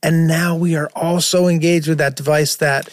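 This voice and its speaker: A man co-hosting a casual podcast, excitable and quick to swear. His voice sits fairly high, recorded dry and close. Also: no echo. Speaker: podcast co-host. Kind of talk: casual chat.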